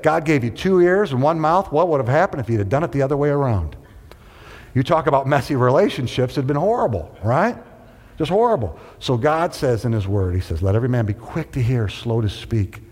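A male pastor delivers a sermon with a lively, swooping delivery, teasing and chatting with his congregation. His voice carries a long reverberant tail from the church hall around him. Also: medium pitch. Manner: animated, conversational, joking with the congregation. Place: church sanctuary.

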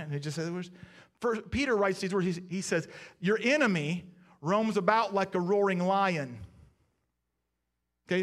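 High-voiced man preaching. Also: fairly bright tone. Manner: conversational preaching, asks the room questions. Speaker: pastor. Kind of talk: sermon.

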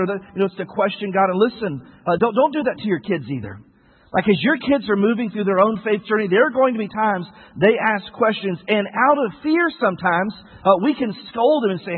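A man's voice: high-pitched, slightly rough. A man in his thirties preaching a sermon as a pastor, earnest and questioning, repeating key phrases. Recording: tinny, echoey hall sound.

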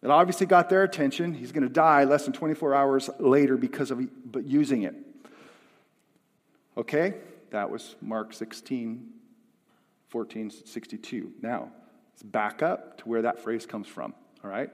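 A man's voice: medium pitch, unhurried. Man preaching with dynamic swings. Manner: dynamic, swings from hushed to emphatic. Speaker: pastor. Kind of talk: sermon. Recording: long hall reverb.

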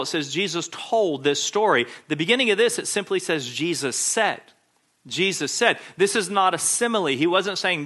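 A male preacher delivers a sermon with a bright, forceful edge to his voice. He speaks emphatically and insistently, circling back to repeat the same points. His voice sits a little higher than most men's.

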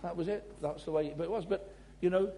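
A man from England, preaching a sermon and telling personal stories, swinging between loud emphasis and quiet asides. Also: sits high, fairly quick, slight background noise.

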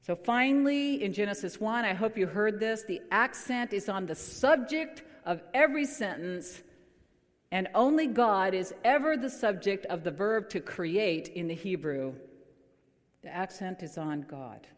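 A woman's voice: medium pitch, expressive, measured pace. A woman pastor preaching a sermon in a church, chatty and joking as she quizzes the congregation. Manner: conversational, quizzes the congregation with light humor. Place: church sanctuary. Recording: long church hall reverb.

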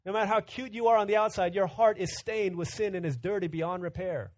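A man in his thirties preaches a sermon in a conversational, storytelling way. His voice sits a little high. He rises to loud, urgent bursts and then drops to hushed quiet. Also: brisk, no room sound. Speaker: pastor.

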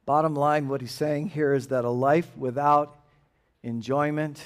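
A middle-aged man preaching a sermon, earnest, dropping to a hushed tone and then rising to emphatic calls for an amen. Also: on the high side, steady tone, unhurried. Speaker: pastor.

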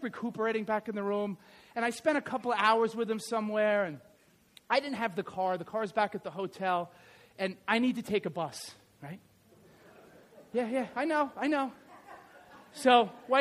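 A man preaching a sermon, telling a lively personal story and often checking in with the congregation. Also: high voice. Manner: animated storytelling, keeps asking the crowd "right?". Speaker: pastor.

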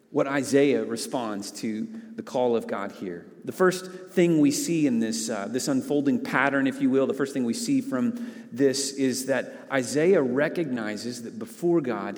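A man's voice: medium pitch, unhurried, a little mellow, in a large hall. A man preaching a sermon as a pastor, earnest, often repeating words and restarting phrases.

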